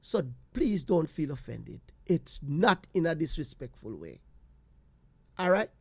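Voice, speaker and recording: Jamaican guy telling a story, lively, drops into patois, dry room. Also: a little high, unhurried, husky, no echo. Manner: animated, slipping into patois, repeats phrases. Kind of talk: personal storytelling monologue.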